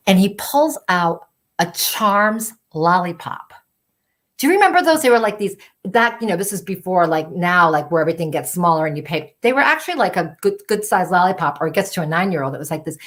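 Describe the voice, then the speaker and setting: A middle-aged woman telling a personal story in an animated way, full of "like" and "you know" fillers. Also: lowish voice, a little fast. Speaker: storytelling show host.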